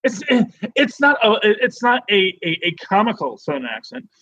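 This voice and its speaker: A man co-hosting a podcast in casual chat, rambling and animated with many restarts. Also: high-pitched, normal speed, no room sound. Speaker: podcast co-host.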